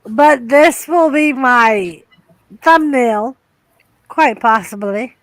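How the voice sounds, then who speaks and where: High-pitched American woman host, slow and drawn-out, casual and sweary. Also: no room sound. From United States. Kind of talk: casual chat.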